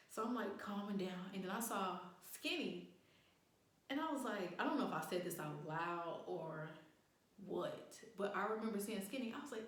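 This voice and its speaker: A woman's voice: medium pitch, normal speed. A young woman telling a wild story in casual, profane chat, acting out what people said. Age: young adult. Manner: animated, profane, acts out quotes. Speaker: vlogger. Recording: very echoey room.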